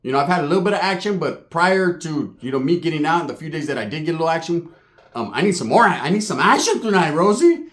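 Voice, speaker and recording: A man telling a comic story, animated and profane, acting out the voices of the people in it. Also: on the high side, quick pace. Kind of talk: comedic storytelling.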